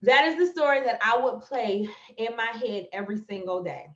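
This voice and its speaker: A woman's voice: a little high, lively intonation, moderate pace, few pauses, fairly bright tone. Woman telling a story, echoey and dull. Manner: emotional, storytelling, speaks to viewers as "y'all". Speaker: motivational speaker. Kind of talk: livestream talk on manifestation. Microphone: phone or webcam live stream. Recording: echoey, slightly dull live-stream audio.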